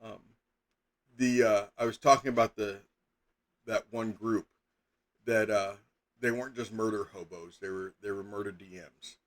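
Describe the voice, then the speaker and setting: A man's voice: fairly low pitch, steady tone, moderate pace, pauses often. A middle-aged man chatting casually as a game master on a live stream, rambling with lots of fillers and sudden emphatic bursts.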